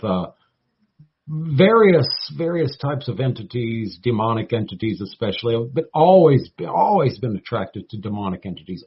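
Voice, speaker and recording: A man in his forties with a Southern US drawl talks as a guest, folksy and playful, sprinkling in baby and y'all. His voice is husky. The audio is muffled and lo-fi. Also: mid-range voice. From North Florida, United States. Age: 40s. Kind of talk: casual talk show conversation.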